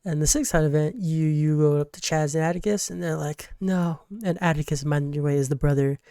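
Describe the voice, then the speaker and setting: A gaming YouTuber giving a casual, rambling game recap, full of fillers and quickly acting out the characters' lines. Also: medium pitch, fairly even intonation, mellow, clear, resonant tone, dry recording, clean studio sound.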